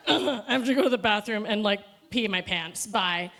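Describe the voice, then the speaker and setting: A woman's voice: fairly high pitch, a little slow, pauses often, fairly bright tone. A young woman doing a stand-up set, chatty and profane, often laughing at her own jokes. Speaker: stand-up comedian. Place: comedy festival stage.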